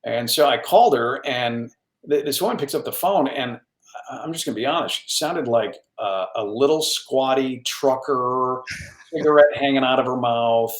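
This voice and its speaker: A man's voice: mid-range voice, moderate pace. Storytelling radio man, echoey sound. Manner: animated storyteller, lots of restarts and self-deprecating asides. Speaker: radio news anchor as podcast guest. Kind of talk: casual interview storytelling. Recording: roomy echo on the voice.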